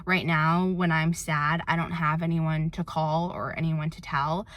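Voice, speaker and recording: Candid young woman, low voice. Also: fairly even intonation, unhurried, a bit bright. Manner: candid, reflective, many "like" fillers. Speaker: vlogger. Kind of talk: personal confessional vlog.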